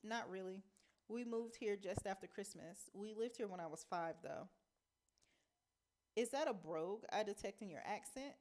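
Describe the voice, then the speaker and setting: A woman's voice: mid-range voice, moderate pace, a little mellow, a little hiss or hum, close to an everyday voice. A woman reading a novel aloud, voicing a wary young girl who speaks in a guarded, hesitant way.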